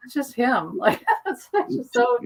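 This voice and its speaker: A woman's voice: a little high, expressive, a little slow, creaky, husky, poor audio. A woman chatting casually on a video call, rambling eagerly through her story and laughing often. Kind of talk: casual chat.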